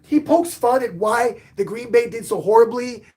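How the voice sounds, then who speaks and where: A man hosting a casual live-stream sports talk show, excitable, swinging between loud outbursts and muttered asides. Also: very high-pitched, normal speed. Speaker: podcast host and sports fan; bartender.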